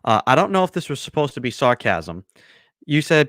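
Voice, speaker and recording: A man's voice: medium pitch, very animated, brisk, a bit bright, no room sound. Playful male radio host, dry studio. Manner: teasing, playful. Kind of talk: casual radio interview.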